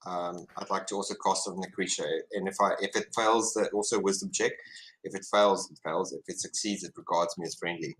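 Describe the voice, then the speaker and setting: Low-voiced, easygoing man at a tabletop game. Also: fairly even intonation, a little fast, a bit bright, poor audio. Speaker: player. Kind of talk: casual tabletop game chat.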